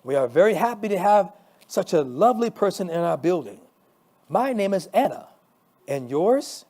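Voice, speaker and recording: A cheerful, kind wife voiced by a male pastor speaks up in a raised, lifted tone. The pitch climbs and swings freely as she exclaims over small wonders, in a lively storybook reading. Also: moderate pace, full character voice. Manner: exclaiming, higher-pitched put-on voice. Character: cheerful middle-aged wife, warm churchgoer.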